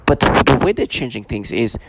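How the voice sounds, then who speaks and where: Gravelly man rambling in a halting monologue. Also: medium pitch, expressive, very noisy. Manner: halting, many restarts and repeated fillers. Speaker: vlogger.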